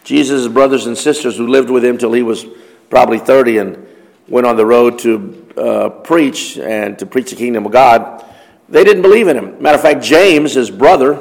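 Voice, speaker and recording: A man's voice: medium pitch, moderate pace, gravelly, darkish tone. Male preacher, middle register, reads verses then explains and quizzes, long hall reverb. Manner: reads scripture aloud then explains it conversationally, posing questions. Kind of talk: Bible study sermon.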